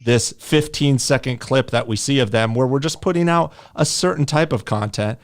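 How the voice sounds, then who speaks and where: A man's voice: mid-range voice, normal speed. A young man hosting a casual podcast chat, brash and joking, laughing at his own lines. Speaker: podcast host.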